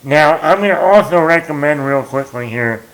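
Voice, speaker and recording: A man's voice: a little high, expressive, moderate pace, low-quality recording. A man chatting casually as a movie vlogger, telling a story in a rambling, self-mocking way with lots of fillers.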